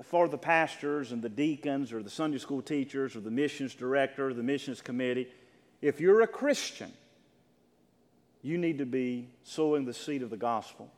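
Preaching man in an echoing hall. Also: medium pitch. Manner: preachy, builds to loud emphatic peaks, asks for amens. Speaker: pastor. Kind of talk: sermon.

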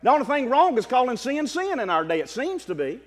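A high-voiced man preaching a Baptist sermon. His pitch swings widely as he builds from quiet asides to loud, exclaiming stretches. He speaks in a hall with a long echo. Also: big pitch swings, brisk.

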